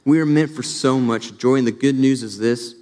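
A young adult man preaching an earnest sermon as a pastor, turning animated when he tells a family story. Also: medium pitch, moderate pace. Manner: earnest, rises animated when telling stories. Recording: long reverb of a large hall.

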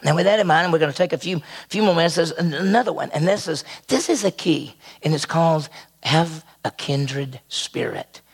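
An older male pastor delivers a sermon in a high, gravelly voice. He is animated and acts out the quotes he tells with sudden jumps in pitch. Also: moderate pace.

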